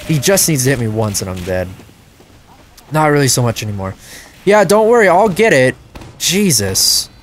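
A man giving live gameplay commentary as a channel host, excitable and prone to loud frustrated outbursts and swearing. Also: medium pitch, moderate pace, a little hiss or hum.

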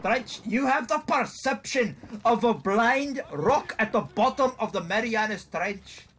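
A man's voice: very high-pitched, measured pace, a bit bright. A man chatting while playing a video game, joking in a put-on Scottish accent and laughing a lot. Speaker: gamer. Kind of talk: casual gaming chat.

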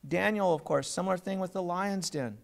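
A man's voice: high-pitched, a little fast, vocal fry. A man preaching a sermon as pastor, earnest and plain, putting questions to his congregation.

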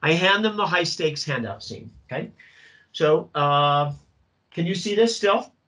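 A middle-aged man, a drama teacher leading a workshop for other teachers, talking in an animated way and acting out student voices. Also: fairly high pitch, measured pace, poor audio.

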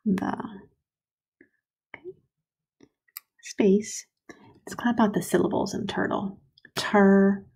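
A woman teaching first graders to write sentences, modeling slowly and sounding out syllables with patience. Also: mid-range voice, gravelly, darkish tone, slightly rough. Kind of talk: recorded writing lesson for young children.

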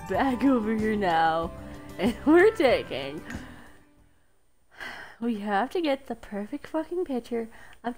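A woman streaming a life-sim game live, cooing over her pet one moment and shouting in mock rage the next, with plenty of swearing. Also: fairly high pitch. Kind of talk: live gameplay commentary.

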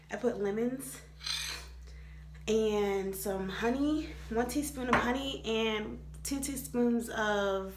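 A young woman vlogging casually to the camera, chatty and expressive, with big dramatic reactions. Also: on the high side, a little hiss or hum. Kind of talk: casual vlog talk to camera. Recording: echoey room.

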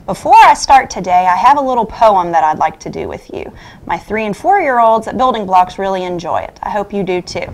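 Animated woman reading to children. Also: mid-range voice, fairly quick, slight background noise. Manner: animated, sing-song storytelling. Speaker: children's story reader. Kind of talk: reading a picture book to children.

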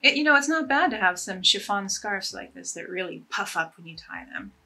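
A woman's voice: mid-range voice, expressive, a little fast, creaky, bright, forceful tone. A woman chatting casually and enthusiastically as she demonstrates ways to tie scarves, with a self-deprecating humor. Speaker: fashion vlogger.

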